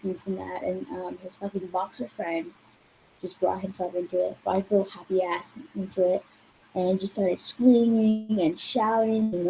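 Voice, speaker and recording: A woman's voice: medium pitch, little pitch movement, moderate pace, warm tone, a little hiss or hum, low-quality recording. A woman vlogger telling a rambling, exasperated story in casual talk, full of swearing and "like". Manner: rambling and profane, heavy use of "like".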